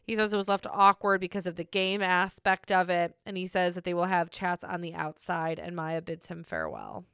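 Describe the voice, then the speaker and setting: Bright, smooth-voiced young woman chatting. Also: on the low side, moderate pace, few pauses, no echo, studio quality. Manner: chatty, giggly, frequent likes. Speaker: podcast host recapping a reality show. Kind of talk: casual chat.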